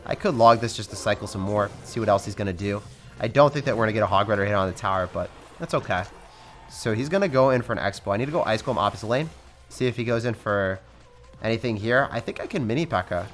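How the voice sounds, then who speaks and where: Young male game commentator, low voice, quick excitable delivery over faint background music. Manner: excitable, addresses viewers as guys. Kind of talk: fast live gameplay commentary.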